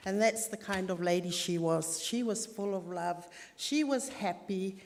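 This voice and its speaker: A woman giving an emotional funeral eulogy, pausing and switching between Samoan and English. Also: medium pitch. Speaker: family member giving a eulogy. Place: church hall. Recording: long echo of a large church hall.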